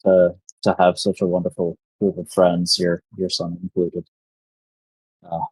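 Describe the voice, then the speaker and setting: A man playing Renwick, a frazzled, polite adventurer who stammers and rushes his words. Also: deep voice, mellow, husky, no echo, poor audio. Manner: stammering, fast, proper.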